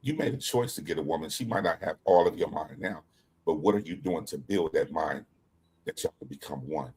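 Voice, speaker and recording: A man's voice: rumbling low, fairly quick, a little mellow, breathy edge. A middle-aged man in casual scripture discussion, talking in an emphatic, preacher-like way. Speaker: co-host.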